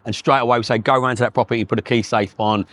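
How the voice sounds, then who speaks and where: A Northern English man talks fast and bluntly as he walks past his buildings, telling stories in a casual vlog. His voice sits mid-pitch and sounds close and dry, with no room around it. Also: steady tone, fairly bright tone, dry recording. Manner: blunt, swears, chatty storytelling. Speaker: property investor vlogger. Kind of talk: walking-tour vlog. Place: outdoors on a street.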